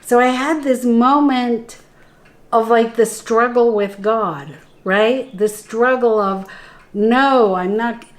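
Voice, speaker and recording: Animated middle-aged woman telling a story. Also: a little high, slow pace. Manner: animated, acts out quoted voices, laughs while telling. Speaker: spiritual guide. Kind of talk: storytelling in conversation.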